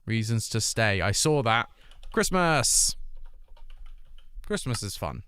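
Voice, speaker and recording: A man's voice: on the low side, sing-song, slow, sharp tone, clean tone, no echo. A British man hosting a charity livestream, chatting casually and upbeat while reading out and greeting his viewers. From Britain. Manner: upbeat, reads chat aloud and greets viewers. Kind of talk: casual live-stream chat. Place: home streaming room.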